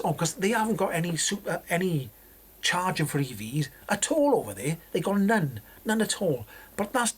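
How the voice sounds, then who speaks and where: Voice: mid-range voice, slightly rough. A vlogger in their sixties from Wales, chatting in a meandering, casual way and often restarting sentences. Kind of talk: casual rambling commentary.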